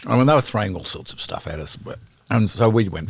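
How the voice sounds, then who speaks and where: An Australian man with a gravelly, husky voice tells road stories in casual conversation. He swears freely and acts out what people said. His voice sounds dry and close. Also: lowish voice, expressive, quick pace, dry recording. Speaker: podcast guest, musician. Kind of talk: casual storytelling.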